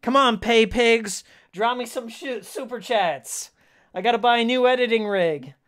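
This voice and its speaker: A man's voice: very high-pitched, measured pace, a bit bright. A man streaming a video game, chatting casually with his viewers in a heated, sarcastic rant with frequent laughs. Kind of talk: casual live-stream chat while playing.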